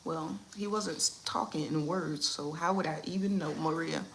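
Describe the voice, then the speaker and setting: A woman hosting a casual livestream from home. She talks in a playful, animated way, turning to her kids and greeting viewers by name. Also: low voice, normal speed, vocal fry, a little hiss or hum. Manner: animated, playful, talks to her kids and reads chat names mid-stream. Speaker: livestream host.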